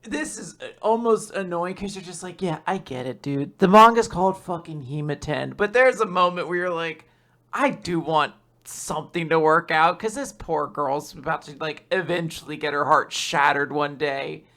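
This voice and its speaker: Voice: mid-range voice, normal speed, fairly bright tone. A podcast co-host chatting casually about a manga chapter, sarcastic and swearing freely. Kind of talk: casual manga recap chat.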